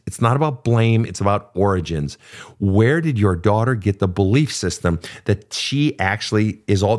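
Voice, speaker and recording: A middle-aged man hosting a podcast, giving blunt, profane advice to listener questions in a casual monologue. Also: mid-range voice. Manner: blunt, profane, animated storytelling.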